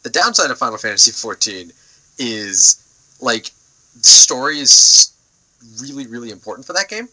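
A man's voice: mid-range voice, very animated, moderate pace, sharp tone, low-quality recording. A young man chatting casually on a podcast, rambling with lots of fillers and the odd swear word. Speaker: podcast co-host. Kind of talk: casual chat.

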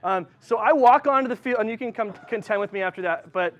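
A man's voice: high voice, fairly quick, highs cut off. A male pastor giving a casual, conversational sermon, full of ums and likes. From Southern California. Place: church.

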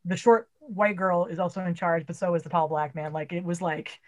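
A woman in her forties from Massachusetts with a Massachusetts accent, a theater rigger talking loudly and bluntly and swearing a lot in casual podcast chat. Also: on the low side, steady tone, brisk. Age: 40s.

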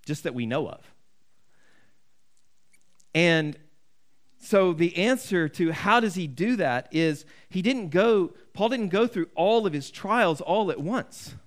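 Earnest preaching man, fairly high voice. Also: expressive, slow pace, pauses often. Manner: earnest, conversational preaching with restarts and acted quotes. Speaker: pastor. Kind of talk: sermon.

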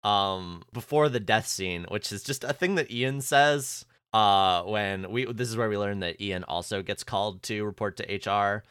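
Deep-voiced man, co-host, casual and hesitant, dry close sound. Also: fairly bright tone, clean tone, dry recording. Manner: hesitant, many fillers, drawn-out and musing. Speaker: podcast co-host. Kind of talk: casual chat.

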